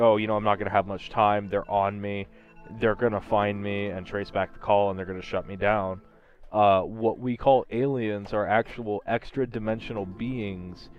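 A man's voice: fairly low pitch, clear, resonant tone. A man chatting casually on a podcast, rambling and swearing freely. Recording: dull lo-fi recording.

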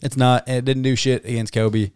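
A man's voice: mid-range voice, flat delivery, brisk, darkish tone, clear, resonant tone, no echo, studio quality. A man co-hosting a sports podcast, talking in blunt, profane casual banter. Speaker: podcast co-host.

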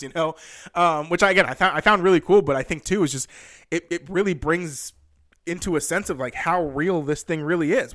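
Fast-talking young man, rambling commentary. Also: on the high side. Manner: rambling, with many restarts and "you know"; animated, rising in disbelief. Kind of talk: casual motorsport commentary.

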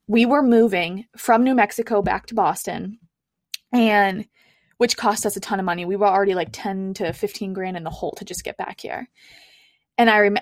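A young adult woman, a coach appearing as a podcast guest, tells her own story candidly and chattily, leaning often on "like" as a filler. Her medium-pitched voice comes through clean studio sound with no room noise.

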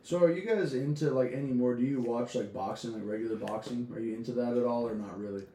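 A man's voice: medium pitch, fast, dark tone. Easygoing man with an echoey room sound. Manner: easygoing, asks questions, drawls like and dude. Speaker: podcast co-host. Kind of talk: casual podcast chat. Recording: echoey room with faint noise.

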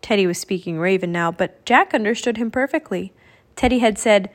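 A woman narrating a children's audiobook with clear, expressive storytelling. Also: medium pitch, a little fast. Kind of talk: audiobook reading.

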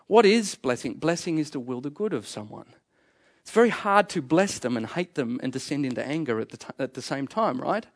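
A middle-aged man preaching a sermon, emphatic and fond of repeating key phrases. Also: fairly high pitch. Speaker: pastor.

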